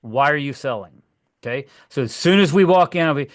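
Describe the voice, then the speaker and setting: A middle-aged man coaching fellow agents, acting out conversations with clients in a lively, animated way. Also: a little high, brisk, dry recording, clean studio sound. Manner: lively, acts out dialogues with clients. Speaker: real estate agent and trainer. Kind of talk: coaching session talk.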